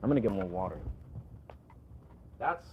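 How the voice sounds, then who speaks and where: A man's voice: lowish voice, animated, normal speed, husky, highs cut off. A man chatting casually on a livestream, rambling, full of filler words, and replying to his chat. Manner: rambling, leans heavily on filler "like".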